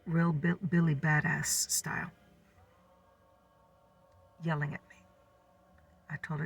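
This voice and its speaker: Breathy whispering woman in her fifties. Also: sits low, flat delivery, slow pace, long pauses, recorded from a distance, faint music behind. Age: 50s. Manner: soft whispered gossip storytelling. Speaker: ASMR storyteller. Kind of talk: whispered ASMR storytelling.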